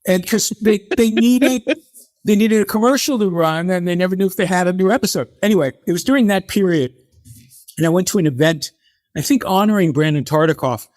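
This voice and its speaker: Older male guest, slightly high voice, dry close sound, spins animated anecdotes. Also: brisk, no echo. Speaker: interview guest, TV creator. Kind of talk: conversational interview storytelling.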